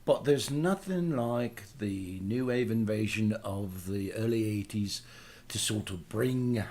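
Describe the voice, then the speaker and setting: Taking it slowly in a voice on the low side, a man voices a boastful aging Liverpudlian punk singer guest hosting a radio show. This comic character chat is hesitant, rambling and full of fillers, punctuated by loud rants.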